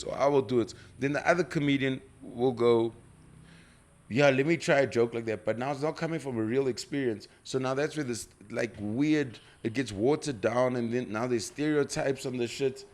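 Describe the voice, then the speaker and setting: A man's voice: mid-range voice, normal speed, a little mellow. A man from South Africa hosting a casual podcast chat, talking through his points at length with restarts. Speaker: podcast host.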